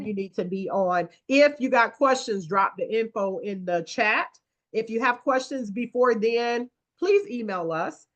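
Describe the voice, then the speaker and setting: Upbeat woman hosting a video call. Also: mid-range voice. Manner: lively, folksy and repetitive, urging listeners on. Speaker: host of an online applicant support call. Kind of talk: casual encouraging video call.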